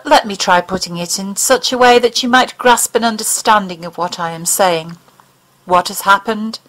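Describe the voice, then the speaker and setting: A woman voices a cold alien captor in an audiobook. It speaks in calm, measured, commanding tones, condescending and unhurried, at an ordinary mid pitch. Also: close to an everyday voice, poor audio.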